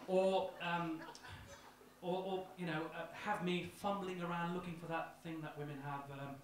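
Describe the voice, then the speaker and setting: Young male stand-up comic, self-deprecating and halting, slightly high voice, boomy club room, far mic, audience around. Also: fairly even intonation, noisy background. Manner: self-deprecating, hesitant with ums. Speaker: stand-up comedian. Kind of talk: stand-up routine. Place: small comedy club. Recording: echoey club, distant mic, crowd.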